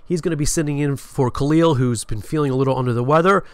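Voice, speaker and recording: A man's voice: a little high, quick pace, smooth, no echo. A man hosting his own show in a sarcastic, self-mocking way, swearing freely, with a nasal voice close to the microphone. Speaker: show host. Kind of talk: casual comedic show hosting. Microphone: microphone on a stand close to the face.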